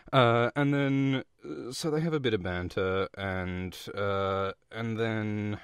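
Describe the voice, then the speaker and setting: A man's voice: fairly low pitch, no echo, clean studio sound. A man hosting a podcast, retelling a book chapter in an irreverent, sweary comedic style with frequent fillers. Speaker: podcast host.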